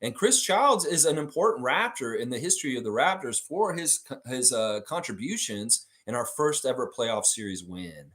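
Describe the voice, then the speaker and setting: A man hosting a live fan stream chats loosely through viewer comments, animated and swearing freely. His middle-pitched voice swings way up when he mocks people, and he talks at normal speed with few pauses.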